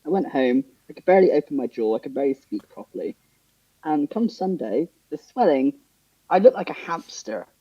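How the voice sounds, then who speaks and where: Animated young man telling a story. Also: fairly quick, husky, no room sound, highs cut off. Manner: animated, acts out dialogue with big pitch jumps and laughter. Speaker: podcast co-host. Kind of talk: casual storytelling.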